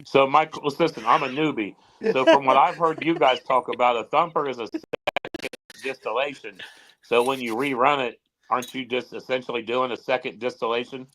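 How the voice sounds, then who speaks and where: A man chatting casually on a podcast as a self-described newcomer, joking and telling stories in a relaxed way. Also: mid-range voice, brisk, noisy background. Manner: laid-back, joking storyteller. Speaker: newcomer co-host.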